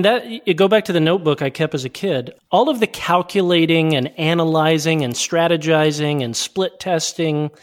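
Earnest man, slightly high voice, guest speaker. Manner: earnest, quick when recounting stories. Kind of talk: conversational interview.

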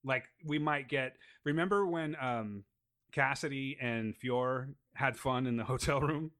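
A laid-back man in casual podcast talk who rambles and jokes as he walks through scenes. He has a middling pitch and an everyday, unhurried way of speaking. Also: fairly bright tone. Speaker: podcast host. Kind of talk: casual chat and episode breakdown.

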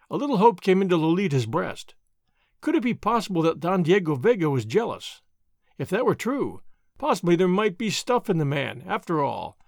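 A man narrating a classic novel in a measured storytelling manner. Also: sits high, very animated, gravelly, no room sound, studio quality. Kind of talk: audiobook narration.

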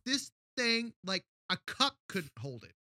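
A young man co-hosting a podcast, telling crude stories in a profane, animated way. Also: very high voice, measured pace, dry recording, studio quality. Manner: profane, animated, laughing storyteller. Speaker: podcast co-host. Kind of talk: casual crude storytelling.

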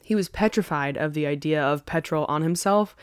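A woman's voice: low voice, brisk, smooth, no echo. Chatty woman telling a story, dry sound. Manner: chatty, laughs often, tangents. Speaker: podcast co-host. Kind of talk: casual storytelling podcast.

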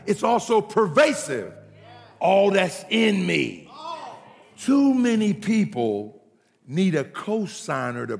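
A man preaching a sermon in a church, often shouting and building rhythmic repeated lines, with a gravelly voice. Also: on the high side. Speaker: pastor. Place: church sanctuary. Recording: long reverb of a large hall.

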